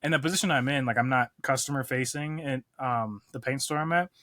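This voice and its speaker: A young comedian man chats loosely with a podcast host, rambling and making fun of himself between laughs. His voice is bright and forceful, picked up close in a dry, dead-sounding space. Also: medium pitch, brisk, no echo. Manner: rambling, self-mocking, laughs often. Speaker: comedian guest. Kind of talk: casual podcast chat.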